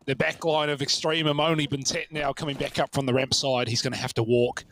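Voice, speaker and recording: Energetic male play-by-play caster. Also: mid-range voice, a little fast, few pauses, a little hiss or hum. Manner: energetic, rising with the action. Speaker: esports caster. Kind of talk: live play-by-play commentary.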